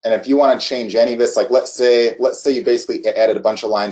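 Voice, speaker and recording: A man casually walking through a software demo on screen, halting often with restarts and fillers. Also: mid-range voice, steady tone. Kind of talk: casual screen-share walkthrough.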